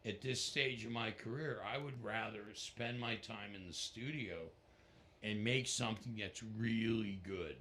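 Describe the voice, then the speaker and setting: A lowish voice at a measured pace, with slight background noise, belongs to a middle-aged musician appearing as a guest in a casual interview. He tells his stories with animation and acts out others' voices.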